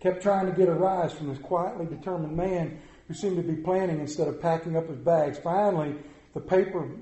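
A man preaching a sermon, telling a story that swells loud and then drops to quiet prayer. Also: on the high side, brisk. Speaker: pastor. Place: church sanctuary. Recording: echoey church room.

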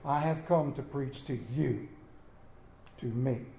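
A man preaching a sermon, telling folksy stories with animated delivery and rhetorical questions to the congregation. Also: medium pitch, takes it slowly, vocal fry. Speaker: pastor. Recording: echoey room.

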